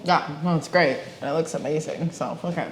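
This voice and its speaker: A woman's voice: low-pitched, normal speed. A woman hosting a podcast in casual chat, bubbly, giggly and profane. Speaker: podcast host. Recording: echoey room, faint noise.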